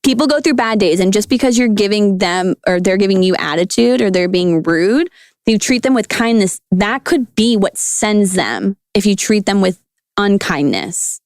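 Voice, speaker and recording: A woman's voice: mid-range voice, moderate pace, no room sound, studio quality. A woman who used to be a food scientist, a podcast guest riffing playfully on words in casual chat. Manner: animated, silly, riffing on words.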